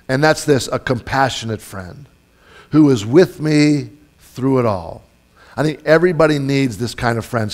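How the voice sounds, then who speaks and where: Man preaching a conversational sermon. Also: medium pitch. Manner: storytelling, conversational, with frequent fillers and restarts. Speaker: pastor. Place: church.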